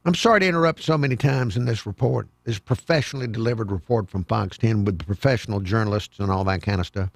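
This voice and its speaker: A man's voice: lowish voice, quick pace, creaky, few pauses, dry recording, studio quality. An older man hosting a call-in radio talk show, with wry, sarcastic asides.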